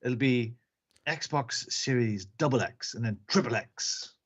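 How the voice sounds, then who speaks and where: Reading gaming news with jokey asides, a man on a podcast works wry one-liners into his reports. His mid-range voice is unhurried with a breathy edge, captured as lo-fi sound through a computer mic on a live stream.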